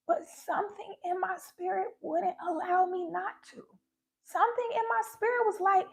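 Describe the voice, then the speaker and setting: High creaky woman in her thirties. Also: steady tone, moderate pace. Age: 30s. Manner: candid, emotional, preacherly. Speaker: spiritual vlogger. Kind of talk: casual faith talk.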